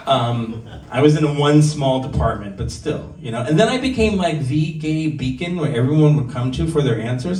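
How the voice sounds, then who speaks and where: A Southern California man in his forties performs stand-up at a bar open mic, telling candid, conversational, self-deprecating stories. His voice is a little high and darkish in tone, expressive at a moderate pace. The room is echoey, with a distant mic and faint ambience.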